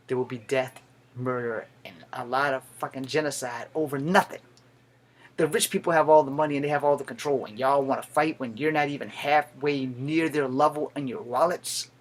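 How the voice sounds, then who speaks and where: A man in his thirties, a veteran, giving a blunt, profane and heated political rant to the camera. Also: mid-range voice. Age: 30s.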